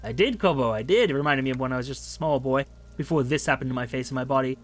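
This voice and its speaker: A man voicing a dead man's corpse in a game, speaking in a soft, confiding way. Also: medium pitch, fast talker, natural voice. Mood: wistful.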